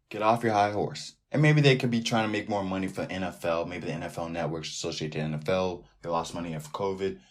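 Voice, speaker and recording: A man hosting a sports podcast alone, talking in a loose, animated way that keeps drifting off into tangents. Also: sits low. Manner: rambling, animated, riffs off on tangents. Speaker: podcast host. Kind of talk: casual sports podcast monologue.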